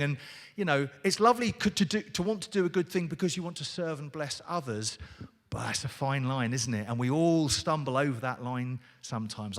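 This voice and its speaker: A man's voice: a little high, expressive, fast. A man preaching a sermon, talking conversationally and animatedly and addressing the congregation directly. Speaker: pastor. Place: church hall. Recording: reverberant church hall.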